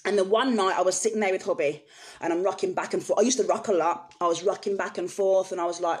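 A woman's voice: medium pitch, fairly even intonation, fast. Earnest woman telling her story. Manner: earnest and emotional, speaks frankly to viewers. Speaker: vlogger sharing personal experience. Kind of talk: candid personal storytelling to camera.

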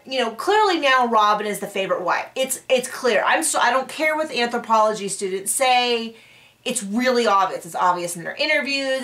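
A woman's voice: a little high, a bit bright, distant mic. A young woman recapping a reality TV episode in casual commentary, sarcastic and exasperated, now and then mocking people in put-on voices. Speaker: recap reviewer.

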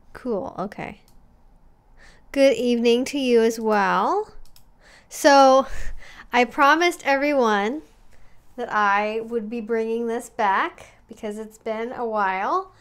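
A woman's voice: fairly high pitch, clear, resonant tone. A woman in her twenties chatting casually as a livestream host, reading viewer comments aloud and greeting them by name.

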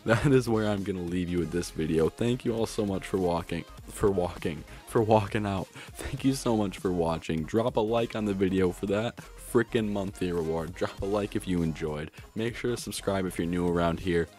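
A man streaming a video game pack opening, excitable and trying to keep his voice down at home, swinging from grumbling to yelling. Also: deep voice, normal speed, few pauses, soft background music. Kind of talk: pack-opening gameplay commentary.

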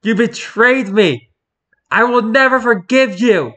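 A man putting on a grandiose male villain who declaims loudly and theatrically. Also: fairly high pitch, fairly even intonation, measured pace, pitched above the performer's own voice. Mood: vengeful.

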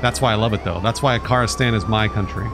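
A man's voice: fairly low pitch, quick pace. A man streaming a video game live, ranting with exasperated sarcasm over his gameplay. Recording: game noise and sirens behind voice.

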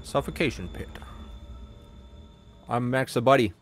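A young man chatting casually while gaming, often yelling in panic and laughing. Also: mid-range voice, measured pace. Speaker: gamer.

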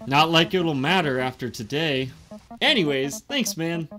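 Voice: mid-range voice, unhurried, pushed and bright, a little hiss or hum. A streamer voicing an earnest, lovestruck young man in a game, with a Southern accent and an eager, pleading manner.

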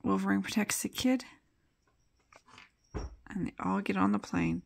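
A woman's voice: medium pitch, a little slow, creaky. A woman casually retelling a comic book's plot as a reviewer, chatting loosely with asides as she flips pages.

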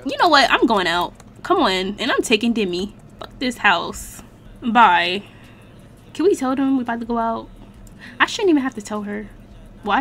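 A young woman giving casual, slangy let's-play commentary as the channel host, chatting and reacting loudly to the game. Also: mid-range voice, slight background noise.

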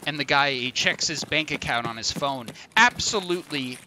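A man's voice: fairly high pitch, noisy background. A man streaming a video game and chatting casually, laughing often and dragging out a long joke. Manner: laughs often, drawn-out joke delivery, teasing. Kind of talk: casual gaming chat with a long told joke.

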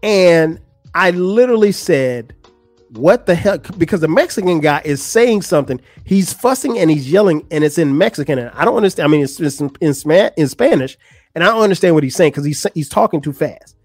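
Animated man telling a story. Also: a little fast, no echo, soft background music. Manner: animated, acts out quotes with rising pitch. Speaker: podcast host. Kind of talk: casual storytelling.

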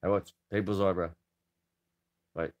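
A man in his thirties with a fairly low voice rambles through a casual vlog chat. He swears freely and drifts from one point to the next as he talks to the camera. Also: little pitch movement, measured pace, a little mellow, muffled recording. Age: 30s. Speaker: vlogger.

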